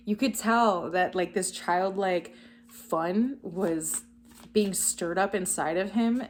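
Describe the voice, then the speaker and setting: A woman's voice: on the low side, darkish tone, slight background noise. A woman giving a casual spiritual card reading, enthusiastic and encouraging, talking straight to her viewers. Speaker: tarot card reader.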